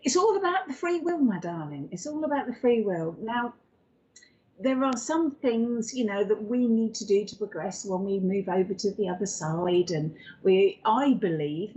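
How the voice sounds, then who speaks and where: A woman chats through a spiritual reading, calling listeners darling and lovey. Her pitch sits in an ordinary middle range. The sound is muffled and lo-fi, as on a livestream. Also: expressive, moderate pace. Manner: warm-worded, chatty, calls viewers darling and lovey. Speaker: psychic medium co-host. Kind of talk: live spiritual reading and chat. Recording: dull lo-fi livestream audio.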